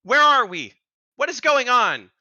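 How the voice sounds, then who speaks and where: A man voicing a bird in a top hat that parrots what others say in a squeaky voice. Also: sing-song, measured pace, pushed and bright, no room sound, muffled recording, heavily acted. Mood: parroting.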